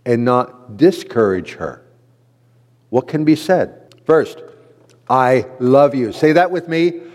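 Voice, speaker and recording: A man's voice: medium pitch, a little mellow. A man teaching a sermon-style lesson to men as a pastor, earnest and repeating key phrases for emphasis. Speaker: pastor teaching a men's class. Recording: long hall reverb.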